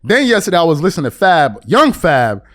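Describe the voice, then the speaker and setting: Animated high-voiced New sports talker. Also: male voice, a little fast. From New York. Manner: animated, slangy, acts out fans' voices. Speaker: podcast host. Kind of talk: casual sports commentary.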